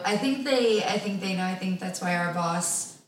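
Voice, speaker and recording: A young woman guest chatting casually, excitable and quick to break into loud, laughing exclamations. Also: mid-range voice, slight background noise. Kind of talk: casual chat.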